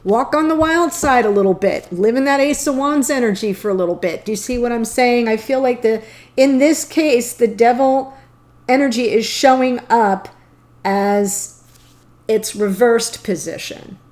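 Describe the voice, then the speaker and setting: A woman's voice: on the high side, normal speed, a little mellow. A woman doing a tarot reading to camera, playful and chatty, often breaking into giggles. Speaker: tarot reader.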